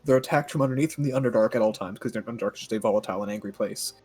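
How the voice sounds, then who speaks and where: A man runs a tabletop game, narrating the world with a loose, easygoing delivery and frequent laughs. His voice is a little husky, sits at an ordinary pitch, and has faint music playing underneath. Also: very fast, darkish tone. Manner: laid-back, laughing often. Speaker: game master.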